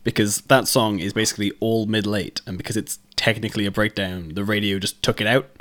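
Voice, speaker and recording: A man on a music podcast with a lowish voice and a quick pace. He chats casually, offering thoughtful little asides. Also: level tone, fairly bright tone. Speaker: podcast co-host. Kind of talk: casual chat.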